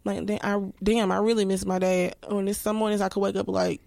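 A woman's voice: medium pitch, little pitch movement, fairly quick, gravelly, darkish tone, no echo. A woman in her thirties speaking candidly and reflectively as a podcast guest, full of restarts and filler words. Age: 30s.

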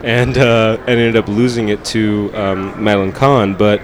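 A man's voice: on the low side, steady tone, normal speed, a little hiss or hum. A man hosting a casual movie review chat, teasing his co-hosts with sarcastic banter. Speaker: podcast host.

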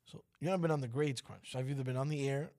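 A man's voice: medium pitch, racing, mellow. A man hosting a radio show, chatting in a playful, teasing way. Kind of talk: casual radio banter.

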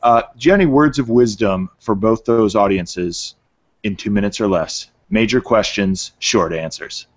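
A man's voice: fairly low pitch, normal speed. A man hosting a podcast in easygoing casual conversation. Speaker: podcast host. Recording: dull lo-fi remote audio.

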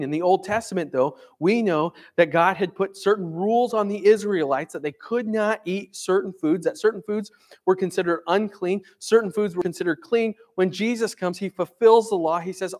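A man's voice: high voice, darkish tone. A man pastor preaching a conversational sermon, often checking in with "right?".

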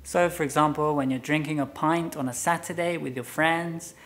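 A man's voice: on the high side, fairly even intonation, moderate pace, a bit bright. A man teaching English in a casual lesson, explaining phrases through playful example scenes. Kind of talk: casual bilingual lesson chat.

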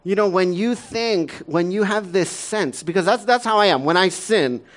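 High-voiced and speaking at normal speed, this pastor in his thirties delivers a relaxed, filler-heavy sermon. Frequent laughter runs through it as he swings from soft, quiet moments to energetic ones.

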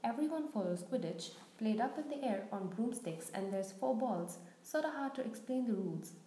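A huge, kindly groundskeeper with a folksy, blunt way of talking, put on by a woman reading aloud. The voice stays mellow and a little raised. The room adds a roomy echo. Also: fairly high pitch, animated, normal speed, lightly acted. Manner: folksy, blunt, homely speech. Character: big gruff kindly groundskeeper, a giant man.

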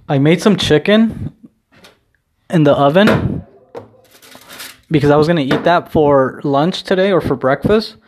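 A man's voice: a little high, slow, pauses often, slight background noise. A man vlogging from home in a casual, rambling chat, full of restarts and easy swearing. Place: at home, indoors.

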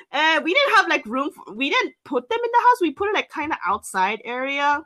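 A young woman telling a casual story on a podcast, filling pauses with "like" and acting out her own past lines. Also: high voice, big pitch swings, bright, forceful tone. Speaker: podcast co-host.

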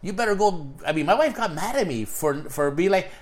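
A man's voice: fairly high pitch, brisk. Swearing middle-aged man telling stories. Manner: swearing, storytelling, animated with bursts of laughter. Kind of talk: casual chat.

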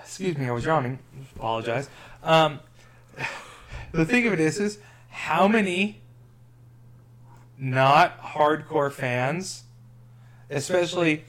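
A man's voice: fairly high pitch, slow pace, long pauses, a bit bright. A man co-hosting a podcast in casual chat, rambling and restarting his sentences, with wry asides. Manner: rambling, self-interrupting, wry. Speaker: podcast co-host.

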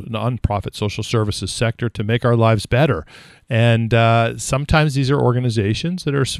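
A man's voice: medium pitch, dry recording, clean studio sound. A man hosting a community radio show, talking casually and rambling with many fillers and restarts.

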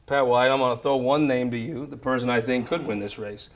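A man's voice: medium pitch, steady tone, fairly quick. A man hosting a political panel show, joking and rambling from topic to topic. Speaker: show host.

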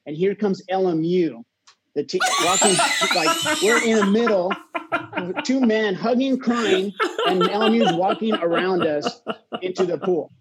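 Speaking over a noisy crowd on poor audio, a man in his thirties with a high-pitched voice shares a personal tale with a live audience. The college water polo coach begins haltingly, with lots of fillers and restarts, and grows more animated.

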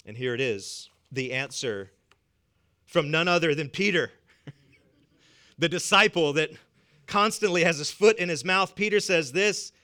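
A man's voice: fairly high pitch, a little slow, pauses often, bright, forceful tone. A man with a Southern US accent preaching a sermon as pastor, emphatic and repeating words for weight, chuckling between points. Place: church.

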